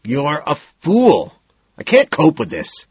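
A man voicing an arrogant young male yuppie who talks over people and erupts into shouting, in an audiobook reading. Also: mid-range voice, sing-song, unhurried, husky, dry recording, dull audio, pitched above the performer's own voice, exaggerated voice.

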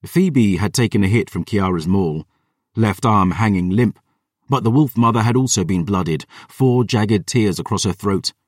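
A man's voice: lowish voice, normal speed, no room sound, clean studio sound, recorded from a distance. A man narrating a first-person fantasy audiobook in a dramatic, intense manner.

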